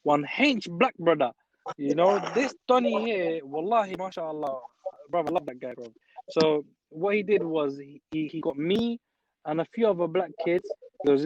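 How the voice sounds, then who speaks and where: A man's voice: a little high, expressive, normal speed, darkish tone, dry recording. A young man speaking earnestly in casual chat, often repeating words as he thinks. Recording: dull dry audio.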